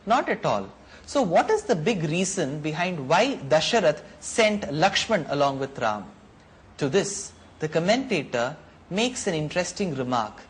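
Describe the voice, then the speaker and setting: A man's voice: on the high side, big pitch swings, measured pace. A man narrating and explaining an ancient epic in a reflective, explanatory way. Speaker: storyteller. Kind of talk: narrating a mythological story.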